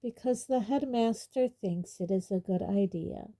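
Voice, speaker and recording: A woman voicing a cold, sneering male wizard teacher who speaks in a quietly waspish, silky way. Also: mid-range voice, a little slow.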